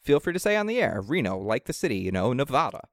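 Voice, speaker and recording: A man hosts a casual comedy podcast, talking hesitantly with plenty of fillers. His pitch moves a lot, and the recording is dry. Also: big pitch swings, quick pace, no echo. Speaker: podcast host.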